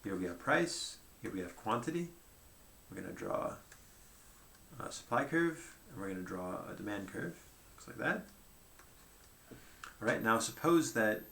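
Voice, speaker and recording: A man's voice: fairly low pitch, animated, a little slow, gravelly, long pauses, pushed and bright, reverberant, a little hiss or hum. A man giving a conversational lecture at a whiteboard, thinking aloud and checking in with "right?" as he goes.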